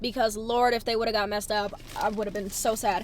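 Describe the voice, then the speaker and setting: A woman's voice: on the high side, steady tone, quick pace, few pauses, background noise. A young woman from Charlotte, vlogging casually, bubbly and chatty with frequent laughs. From Charlotte, North Carolina. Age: young adult. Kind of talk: casual vlog chat.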